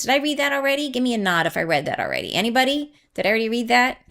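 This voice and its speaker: A woman hosting a spiritual podcast, chatty and excitable, who laughs often and drifts into tangents. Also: a little high, quick pace. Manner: chatty, rambling, goes off on tangents. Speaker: podcast host and channeler. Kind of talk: casual spiritual talk to listeners.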